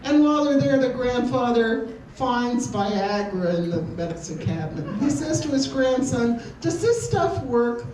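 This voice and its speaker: A woman's voice: a little high, animated, normal speed, few pauses, a little mellow, a little hiss or hum. An older woman doing stand-up on a community stage, telling jokes in an easygoing, anecdotal way. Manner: easygoing, anecdotal joke delivery. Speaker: amateur stand-up comedian. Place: community hall with an audience. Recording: echoey hall, distant room mic.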